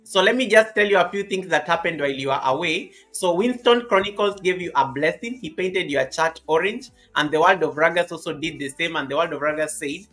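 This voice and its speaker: A man's voice: on the high side, fairly quick, few pauses, fairly bright tone, faint music behind, low-quality recording. A man hosting a live stream interview, greeting viewers by name and repeating his phrases.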